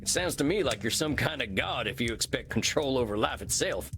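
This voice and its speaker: A drawling therapist. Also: male voice, medium pitch, animated, fairly quick, creaky, fairly bright tone, faint music behind. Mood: folksy. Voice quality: folksy drawl. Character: folksy easygoing male cowboy therapist. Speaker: therapist in a video game. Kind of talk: video game voice acting.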